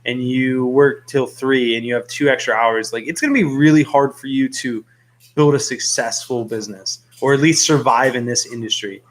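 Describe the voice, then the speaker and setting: Young male store owner, earnest, rambling, middle-pitched voice, talking to camera. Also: normal speed. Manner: earnest, rambling with many fillers. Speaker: fish store owner and YouTube host. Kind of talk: casual talk to camera. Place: his aquarium store.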